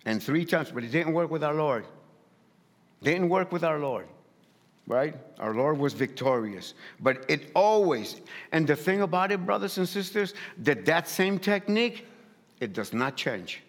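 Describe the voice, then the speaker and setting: A man's voice: on the high side, expressive, measured pace, big-room sound. A man preaching a sermon in a light accent, emphatic and repetitive, often restarting his phrases. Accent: non-native English. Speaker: pastor.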